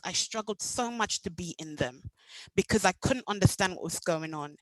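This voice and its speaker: A young adult woman from Jamaica with a Jamaican accent, telling her own story at a meetup in an animated way. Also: on the low side, no echo, low-quality recording. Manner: animated, acts out past dialogue. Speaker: meetup speaker. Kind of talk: personal storytelling talk.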